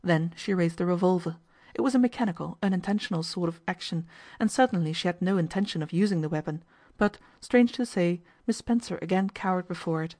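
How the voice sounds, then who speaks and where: A woman's voice: fairly low pitch, fairly quick, few pauses, mellow. Woman narrating a classic audiobook. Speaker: audiobook reader.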